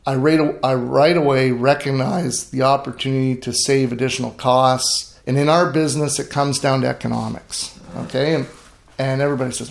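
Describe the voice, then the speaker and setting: A gravelly man's voice of medium pitch keeps fairly even intonation at a moderate pace, heard in an echoey room. He's a middle-aged grain farmer sharing stories in an interview, speaking earnestly and emphatically and often restarting his sentences.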